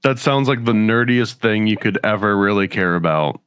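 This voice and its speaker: A man with a smooth, resonant voice talks on a podcast. He poses analytical questions with a wry edge. The recording is dry and close. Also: lowish voice, normal speed, fairly bright tone, no room sound. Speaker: podcast co-host. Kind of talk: casual chat.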